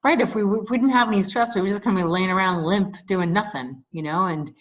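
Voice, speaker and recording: A woman's voice: mid-range voice, fast talker. A middle-aged woman hosting an interview over a video call, upbeat and welcoming as she leads the conversation. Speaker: host.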